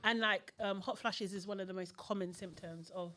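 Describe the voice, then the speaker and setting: A woman's voice: medium pitch, fairly even intonation, moderate pace, bright, forceful tone. A woman, a guest on a podcast, explaining things in an earnest, informative way. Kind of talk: casual chat.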